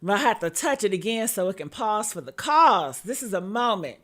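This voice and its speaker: A woman hosting a live-stream celebrity gossip vlog, sassy and animated, calling her viewers honey. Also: mid-range voice, moderate pace. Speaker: gossip vlogger. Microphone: earpiece.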